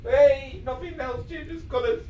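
Excitable high-voiced VR gamer shouting spells. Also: measured pace. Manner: excitable, yelling spells at the game. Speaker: gamer playing a VR game. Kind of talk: let's play commentary. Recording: echoey room, mic off at a distance, faint noise.

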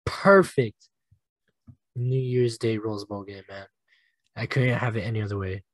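A young man hosting a solo sports podcast, animated and emotional, swearing casually and laughing at himself. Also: on the low side, moderate pace, dry recording. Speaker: podcast host.

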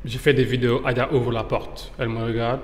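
A man teaching slang in a casual lesson, switching between French and English and acting out example phrases with drawn-out words. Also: medium pitch, flat delivery, a little hiss or hum. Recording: echoey room with long reverb.

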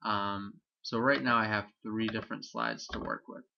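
A man, a teacher, walks through a software tutorial on screen in a relaxed explanatory way, with frequent ums. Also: fairly low pitch, moderate pace, vocal fry, highs cut off.

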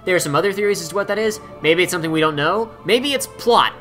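A man's voice: high-pitched, fast, fairly bright tone. A man hosting a let's play, chatting casually in an upbeat, rambling way over faint game music.

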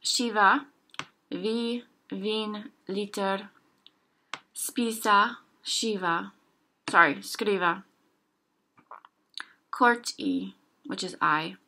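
A young woman teaching a casual language lesson, slowly sounding out example words one at a time. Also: mid-range voice, sharp tone, a little hiss or hum.

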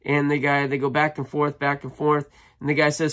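A man's voice: a little high, monotone, normal speed, a bit bright. Chatty man rambling through a story. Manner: chatty, rambling, frequent ums and restarts. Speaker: storage locker buyer and vlogger. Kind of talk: casual storytelling to camera. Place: inside a storage unit.

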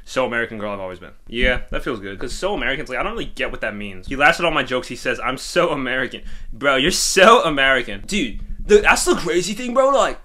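A young man casually reacting to songs, excitable and slangy, talking from a bathroom. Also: mid-range voice, quick pace. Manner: excitable, slangy, breaks into laughs and sing-along. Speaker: music reaction video host.

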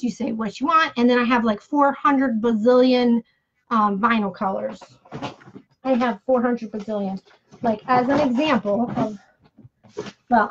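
Chatty high-voiced woman. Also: a bit bright. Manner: chatty and playful, jokey asides. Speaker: craft seller hosting a live giveaway. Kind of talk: casual live-stream chat. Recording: dull lo-fi live-stream audio.

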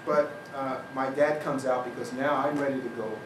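Picked up by a distant mic in an echoey lecture hall full of ambient noise, an older lecturer shares a personal story and performs other people's dialogue. His mid-range voice stays fairly even and moves at a normal speed.

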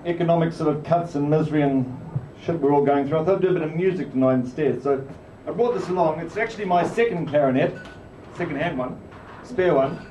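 Dry, rambling stand-up comedian. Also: male voice, on the high side, a little fast, warm tone. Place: pub comedy club. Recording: muffled distant echoey room recording. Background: room noise.

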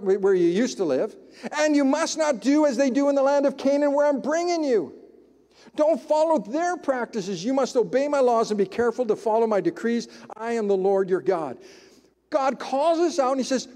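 A man preaching a sermon as pastor, in an emphatic, conversational style with dramatic pauses. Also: very high voice, darkish tone, big-room sound. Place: church sanctuary.

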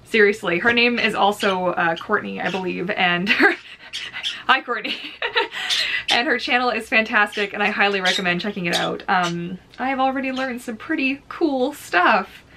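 A woman's voice: medium pitch, moderate pace, bright, forceful tone, a little hiss or hum. A woman hosting a casual pet-bird unboxing vlog, chatty and giggly, with many fillers. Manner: chatty, giggly, talks baby talk to her bird. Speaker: vlogger.

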